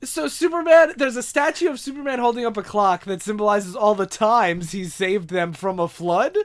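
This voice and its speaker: A woman co-hosting a podcast, recapping an old comic in casual chat, tossing in quick acted quotes and laughing often. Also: mid-range voice. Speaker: podcast co-host.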